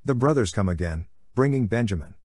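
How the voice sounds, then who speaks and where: A man hosting a Catholic podcast, reading the Bible aloud in a measured, steady way. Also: lowish voice, no room sound, clean studio sound.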